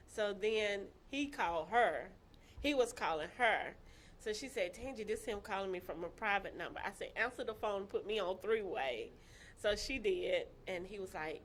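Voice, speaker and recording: A woman telling her own story in casual chat, animated and laughing, acting out the voices of people she quotes. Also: mid-range voice, moderate pace, slight background noise.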